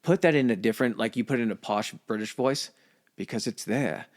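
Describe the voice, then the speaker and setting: A man's voice: mid-range voice, fast talker. A man co-hosting a podcast in casual chat, loose and profane, with lots of filler words. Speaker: podcast co-host.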